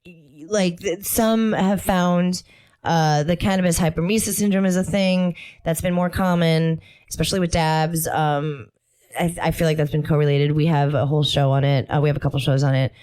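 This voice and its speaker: A young adult woman talks casually as a podcast co-host, her voice sitting a little low. She rambles and giggles through her points. She is close to a studio mic. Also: fairly even intonation, normal speed, a little mellow. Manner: giggly and rambling, laughing often mid-sentence. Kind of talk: casual chat.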